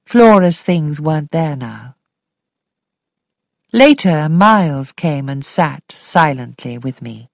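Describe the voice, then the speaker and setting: Slow, expressive woman storyteller. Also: sits low, gravelly, dry recording, clean studio sound. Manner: expressive, slow, sometimes whispered. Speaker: audiobook reader. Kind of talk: storybook narration.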